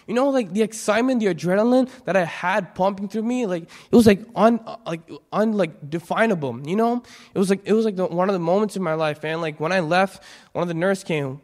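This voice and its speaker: A young man giving an earnest, halting personal testimony in church, full of restarts. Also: sits high, darkish tone. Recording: long hall reverb.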